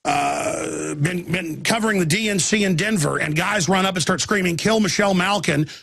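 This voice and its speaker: A man holds forth on his talk radio show in an intense, rambling monologue, restarting sentences and rising into sudden outbursts. His voice sits high for a man, with a husky, gravelly rasp. The sound is close and dry. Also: moderate pace, a bit bright, no room sound.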